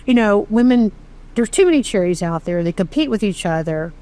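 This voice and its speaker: A middle-aged woman from Texas tells her own story as an interview guest, candid and animated, with a self-deprecating streak. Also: mid-range voice, a little fast. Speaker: charity founder, interview guest. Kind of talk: conversational storytelling.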